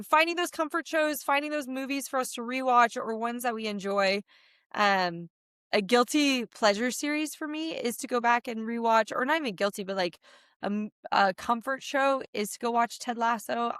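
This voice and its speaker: Chatty woman with a smooth voice. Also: fairly high pitch, no room sound, clean studio sound. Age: 30s. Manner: animated, chatty, frequent filler words. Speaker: podcast co-host. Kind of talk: casual conversational chat.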